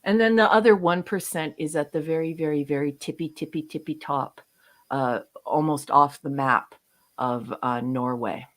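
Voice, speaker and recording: Livestream co-host, woman from Canada, slightly low voice, jokey and quick to laugh. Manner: playful, laughs often. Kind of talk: casual chat, reading out viewer comments.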